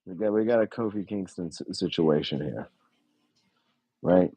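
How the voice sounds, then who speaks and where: Excitable man reacting live, dark husky voice. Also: low-pitched, dry recording, rough recording. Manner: excitable, frequent drawn-out oohs, casual swearing. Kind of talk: casual live reaction commentary.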